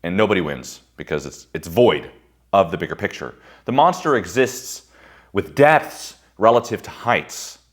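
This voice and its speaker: A man with a very low voice tells candid personal stories about himself. He is blunt and swears freely. He swings from loud outbursts to quiet, reflective asides. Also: animated, normal speed. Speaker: speaker giving a personal-growth monologue. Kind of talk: candid storytelling monologue.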